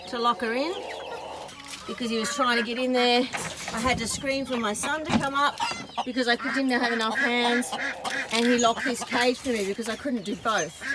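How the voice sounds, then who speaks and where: A woman's voice: on the high side, heavy background noise. A woman chatting casually to camera outside a backyard chicken coop. She rambles and sometimes coos sweetly at the animal. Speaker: vlogger, backyard chicken keeper. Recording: loud clucking chickens and clicks outdoors.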